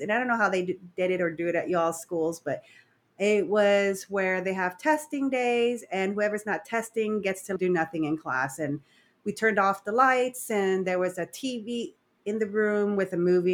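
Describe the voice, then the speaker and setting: A woman co-hosting a podcast, chatting casually and profanely as she rambles through a film recap. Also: mid-range voice. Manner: profane, rambling, animated storyteller. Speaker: podcast co-host.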